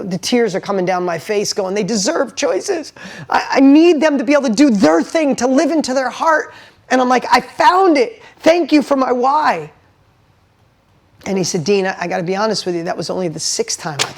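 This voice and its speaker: A middle-aged man, a motivational speaker, tells a personal story with emphatic swings from hushed to loud, swearing for emphasis. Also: sits high.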